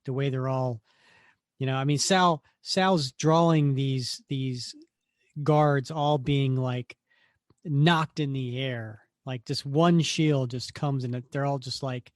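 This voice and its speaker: A man's voice: medium pitch, steady tone, slow pace, no echo, clean studio sound. A man co-hosting a podcast, chatting casually about comics, laughing easily. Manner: chatty, laughs easily, reads aloud with mock drama. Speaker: podcast co-host. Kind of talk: casual comic book discussion.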